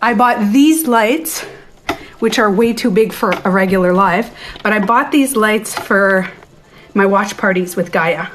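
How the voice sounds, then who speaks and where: A middle-aged woman hosting a casual live stream from her den at home, slightly out of breath, chatting to viewers and reading their comments as she goes, with soft music playing behind her. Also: medium pitch, unhurried, background noise. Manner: chatty, self-interrupting, talks to viewers and reads their comments.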